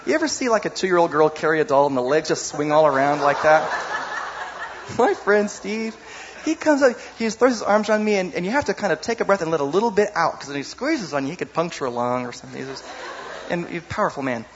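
A man preaching a sermon in a lively, conversational way, often asking the audience "you know?". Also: a little high, a little fast, highs cut off, a little hiss or hum.

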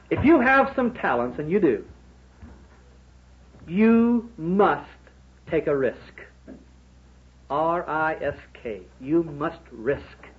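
A man preaching a sermon to businessmen, emphatic, with rhetorical questions and sudden swings between loud and quiet. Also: sits high. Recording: dull lo-fi sermon recording.

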